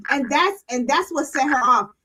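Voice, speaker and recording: Animated high-voiced woman host. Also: moderate pace, noisy background. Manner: blunt, animated, profane, acts out quotes. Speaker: podcast host recapping a reality show. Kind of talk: casual panel chat.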